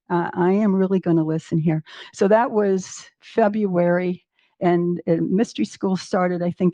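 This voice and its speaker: A woman in her eighties telling her story as a podcast guest, animated, acting out her own inner dialogue and laughing often. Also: mid-range voice, dry recording, dull audio. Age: 80s. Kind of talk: personal storytelling in an interview.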